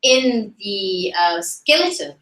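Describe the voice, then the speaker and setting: A woman on a science panel explains patiently, walking through each step and acting out little thoughts in quotes. Her voice is bright and clear. She sounds distant from the mic, in an echoey room. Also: mid-range voice, lively intonation, slow pace. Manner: explanatory, acts out animals' thinking in quotes. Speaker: expert panelist.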